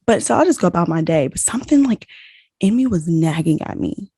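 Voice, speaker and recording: A young woman hosting a podcast, telling a story in a casual, animated way and saying "like" a lot. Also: on the low side, brisk, husky, dry recording. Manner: animated, heavy use of "like", acts out quoted dialogue. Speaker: podcast host.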